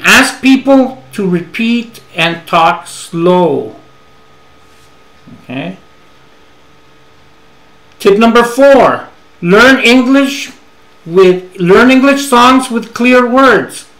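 A man with a fairly high voice teaches at an unhurried pace and says each key phrase twice. His voice rings in an echoey room. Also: fairly bright tone. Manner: repeats key phrases slowly in English, then gives them in Spanish. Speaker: English teacher. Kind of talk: bilingual English lesson.

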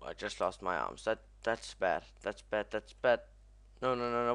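A young man commentating as he plays a video game, excitable and swearing often. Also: lowish voice, moderate pace. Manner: excitable, swears a lot, yelps at crashes. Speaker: gaming commentator. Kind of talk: let's play commentary.

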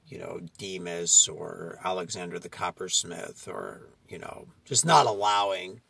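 Gravelly, confrontational male preacher. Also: low voice, expressive, measured pace, a bit bright, dry recording. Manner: confrontational, repeats "okay?" often. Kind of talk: street-style sermon.

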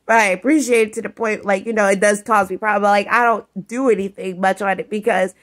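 A woman vlogger in an angry, rambling rant, swearing constantly and often breaking into shouts. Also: mid-range voice, steady tone, fast talker. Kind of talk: ranting vlog monologue.

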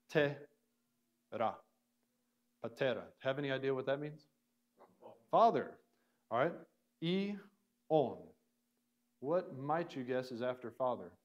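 A man's voice: medium pitch, muffled recording. Man teaching a class, sounding out syllables. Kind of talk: classroom language lesson. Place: church classroom with students.

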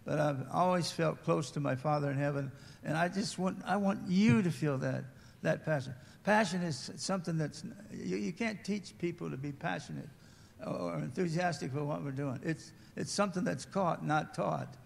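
A man's voice: on the high side, normal speed, creaky, long reverb tail, slight background noise. A man in his seventies from West Virginia, telling a folksy, humorous testimony at a church service. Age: 70s. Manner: homespun, humorous storytelling. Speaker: missionary. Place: church sanctuary.

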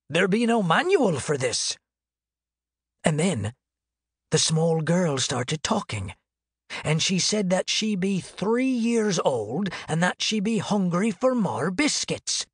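A man narrates a comic audiobook as a pirate, keeping a deadpan tone while his pitch swings widely. His voice is husky and recorded close in a dry studio. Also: no echo.

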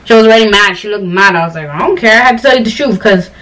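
A woman's voice: medium pitch, racing, far from the mic, low-quality recording. A young woman from Ghana, chatting casually and rambling as a vlogger talking to camera. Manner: chatty, rambling storytelling with animated quoted voices.

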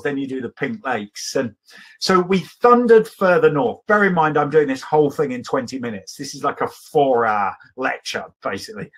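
A man telling travel stories at a live evening talk with a husky, slightly breathy voice. He rambles with enthusiasm and pauses for fillers while he walks the audience through his slides. His voice sits at a middling pitch. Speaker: adventurer giving a travel talk.

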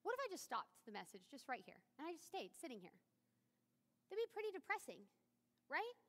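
A woman's voice: high voice, very animated, normal speed, long pauses, a bit bright. A woman in her thirties preaching a sermon in a chatty, joking way with playful asides. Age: 30s. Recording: long church-hall reverb.

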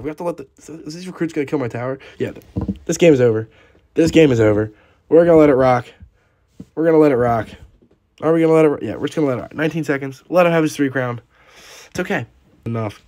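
A young man giving live commentary over his own gameplay, excitable, swinging from quiet muttering to loud outbursts at the game. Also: medium pitch, a little fast, long pauses. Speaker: gaming YouTuber.

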